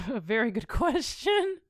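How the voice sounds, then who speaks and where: A woman podcast co-host in giggly comedic banter, quick to react. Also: on the high side, big pitch swings, dry recording, studio quality.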